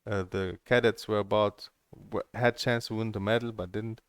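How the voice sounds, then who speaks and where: A man's voice: fairly low pitch, steady tone, moderate pace, clean tone, dry recording, studio quality. A middle-aged man, a table tennis coach, rambling candidly through stories and plans, swearing freely as he talks. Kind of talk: casual rambling monologue.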